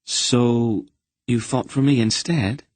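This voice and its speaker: A man's voice: medium pitch, takes it slowly, a little mellow, no room sound, voice pushed up, close to an everyday voice. A man reading a nervous, earnest teenage boy who asks questions in a faltering way. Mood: puzzled.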